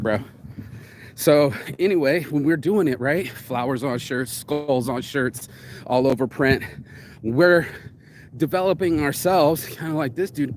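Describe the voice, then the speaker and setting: A man's voice: medium pitch, noisy background. A man vlogging outdoors, rambling in a candid, confessional way with many fillers and restarts. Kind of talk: casual morning livestream monologue.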